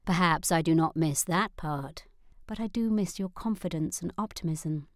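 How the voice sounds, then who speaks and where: A woman voicing a gentle but determined middle-aged mother in an audiobook, speaking calmly and firmly. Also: on the low side, normal speed, no room sound, studio quality, lightly acted. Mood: tender. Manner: calm, soothing, firm.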